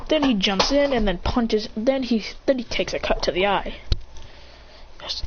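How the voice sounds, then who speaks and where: Woman narrator, high-ish voice, bouncy delivery, muffled home audio with faint hiss; acts out every line. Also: brisk. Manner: animated, acting out lines and sound effects. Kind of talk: casual retelling of a fan story.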